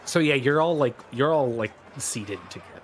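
A man's voice: mid-range voice, moderate pace, background noise. A man running a tabletop game as game master, narrating loosely with many fillers.

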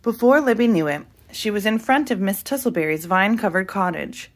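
Woman, storybook reader, reading aloud, expressive, middle pitch. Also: fairly quick. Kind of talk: reading a picture book aloud.

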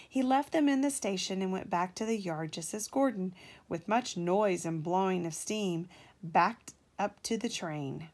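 A woman, a mother, reading a children's storybook aloud to her child in a gentle, measured way. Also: medium pitch.

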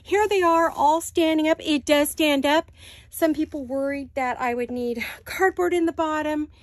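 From her home studio, a woman hosts a casual crafting channel chat, gushing about her projects with sighs and little laughs. She sounds out of breath, with a high voice at normal speed and no room sound.

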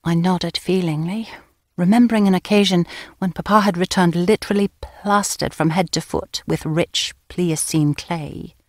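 A woman narrating a novel in the first person, with a crisp, wry storytelling manner. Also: on the low side, fairly even intonation, normal speed, a little mellow, no echo, clean studio sound. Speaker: audiobook narrator.

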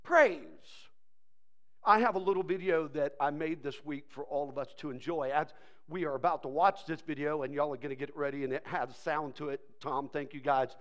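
A man's voice: a little high, fairly even intonation, fairly quick. A man preaching a sermon as pastor, joking and acting out playful voices.

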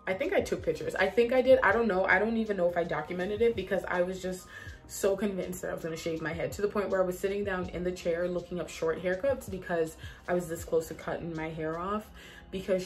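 A woman vlogger talking straight to her viewers in a relaxed, chatty way, her voice sitting a little low. She tells her story animatedly, sprinkling in "like" as she goes, with soft music faintly underneath. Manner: chatty, animated, heavy use of "like". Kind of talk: casual storytelling vlog.

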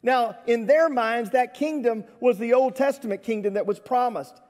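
A man's voice: very high voice, normal speed, a little mellow. A man preaching a sermon as pastor, talking with his congregation in a conversational way and asking them questions. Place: church sanctuary. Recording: church livestream with long hall reverb.

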